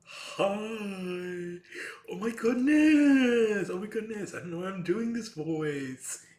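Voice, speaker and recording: A giddy goofball voice, put on by a man, pitched well above his normal range and delivered in slow, drawn-out phrases. It keeps looping the same excited exclamation. The room sounds echoey. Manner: repeats the same exclamation over and over. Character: goofy squeaky-voiced man greeting a live stream.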